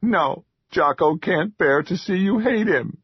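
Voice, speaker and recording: A skittish little troll whines and pleads in a high, husky voice, acted by a man reading an audiobook. The sound is dull and dry, like a modest home recording. He refers to himself by his own name. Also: animated, measured pace, no echo, full character voice. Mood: pleading. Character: timid whiny little male troll. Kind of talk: audiobook character voice.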